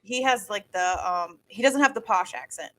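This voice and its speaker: A woman's voice: mid-range voice, animated, normal speed, a bit bright. A woman co-hosting a podcast, talking casually and searching for words as she goes. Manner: rambling, searches for words, many fillers. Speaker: podcast co-host. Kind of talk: casual chat.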